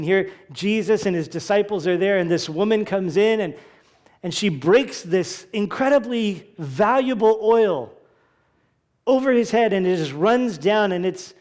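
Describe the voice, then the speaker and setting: High-voiced man preaching a lively sermon. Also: moderate pace. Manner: animated, acts out quoted voices, conversational asides. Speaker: pastor.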